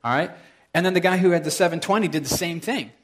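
A man's voice: on the high side, fast, fairly bright tone. A middle-aged male pastor preaching a sermon in a casual, storytelling way, with frequent asides to the congregation.

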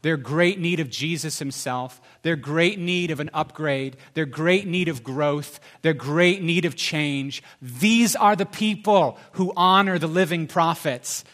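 A man preaching a sermon as pastor, swinging between loud emphasis and soft, confessional asides. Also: a little high, a little slow, few pauses.

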